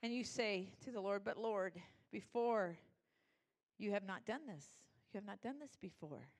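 A woman preacher delivering a sermon, swinging from low, soft intensity to fervent, repeated proclamations. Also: animated, moderate pace.

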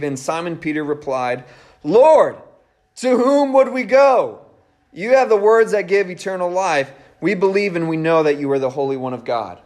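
A man preaching a casual, animated sermon, laughing and acting out the people he quotes. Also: high voice.

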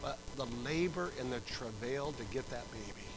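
A middle-aged man preaching a sermon, telling stories with acted-out voices and swinging from soft to loud. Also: mid-range voice, expressive, moderate pace, very noisy. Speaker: pastor.

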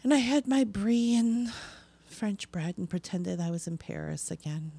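A woman talking casually with a friend at a middle pitch. She rambles, stacks fillers and restarts her sentences as she goes. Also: fairly even intonation, unhurried, creaky, warm tone, breathy edge, no room sound. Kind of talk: casual chat.

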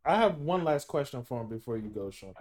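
A man's voice: mid-range voice, sing-song, over a noisy crowd. Podcast host guy, mid voice, stops and restarts a lot while asking stuff. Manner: halting, many restarts while forming questions. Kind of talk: casual podcast chat.

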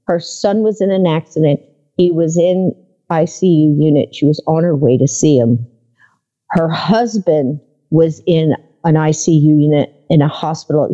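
A woman guest on a podcast, telling her experiences in a casual, animated way and acting out the people in her stories. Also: sits low, dull audio. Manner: animated storyteller who acts out the people in her anecdotes. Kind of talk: casual storytelling interview.

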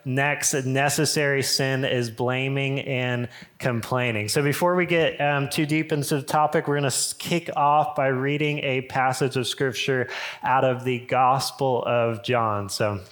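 A man's voice: medium pitch, steady tone, a little slow, a bit bright. A young man preaching a sermon as pastor, chatty and conversational, telling personal stories with lots of asides. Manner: conversational, storytelling with frequent "like" and asides. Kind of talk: casual sermon.

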